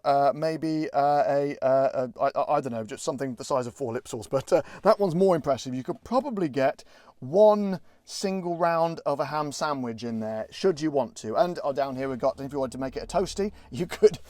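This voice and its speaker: A man's voice: on the high side, a little mellow, no echo. A man hosting a casual car walkaround review, rambling with jokey, self-deprecating asides. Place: in and around a parked car.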